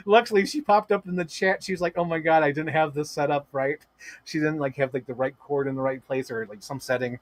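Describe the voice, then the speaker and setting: An excitable man streaming to his chat, gushing and swearing as he rambles on with "like" after "like". His voice sits a bit high, and the sound is close and dry, with no room around it. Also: a little fast, no echo. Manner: gushing, profane, rambling with many "like" fillers. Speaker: livestream host. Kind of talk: excited casual livestream chat.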